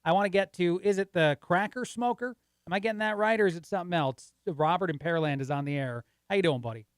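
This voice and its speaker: A man's voice: high-pitched, quick pace, no room sound, clean studio sound. A man guest-hosting talk radio, casual and rambling, laughing easily.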